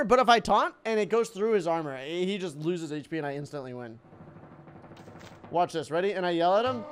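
A young man giving excitable let's-play commentary, thinking aloud and laughing as he plays. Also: high voice, fairly quick, clean tone. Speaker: gaming YouTuber.

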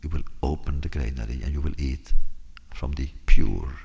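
A man voicing a grave, stern old king with slow, deliberate phrasing. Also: lowish voice, expressive, vocal fry, breathy edge, heavily acted.

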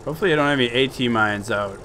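A young man giving casual, profane, joking commentary over his video game play, flipping between excited shouts and laid-back chatter. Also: mid-range voice, rapid-fire, a little hiss or hum. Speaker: gameplay commentator.

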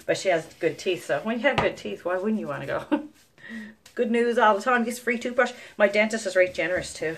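A young mother from Newfoundland, Canada, vlogs to camera in a fairly high voice with lively intonation and a brisk pace. Her Newfoundland English accent is thick. She rambles through stories in a casual, chatty monologue, swearing freely and often breaking into laughter.

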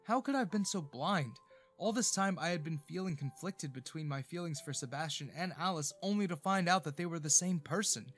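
Emotive male storyteller over soft music. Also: on the high side, animated, fairly quick. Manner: emotive dramatic reading. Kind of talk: scripted first-person narration of a romance story.

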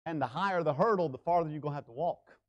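A man with a high-pitched voice preaches from the pulpit of a church. He rises into loud, urgent appeals, then drops to hushed, slow emphasis on key words. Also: lo-fi sound. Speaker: pastor. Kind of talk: sermon. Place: church sanctuary.

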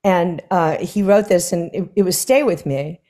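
A woman singer chats as a guest on stage, with a voice sitting a little low for a woman. She tells her stories with animation. She slips into the voices of the people she quotes and laughs along the way. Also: normal speed. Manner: animated storyteller who acts out quoted dialogue with laughs. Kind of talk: conversational anecdote telling. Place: stage conversation before an audience.

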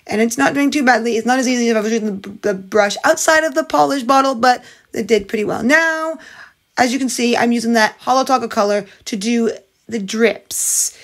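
A woman narrating a casual nail art tutorial in a chatty, upbeat way, with rambling asides. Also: high voice.

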